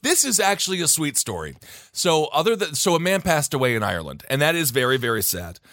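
Podcast guy cracking jokes, voice bouncing all over, bit high for a guy. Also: brisk, no room sound. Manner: animated, jokey, reads stories aloud. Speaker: podcast co-host. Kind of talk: casual comedic chat.

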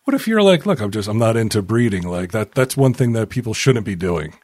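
A man's voice: on the low side, very animated, brisk, darkish tone, dry recording, studio quality. A man in casual conversation, adding wry comments to a friend's story. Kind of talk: casual chat.

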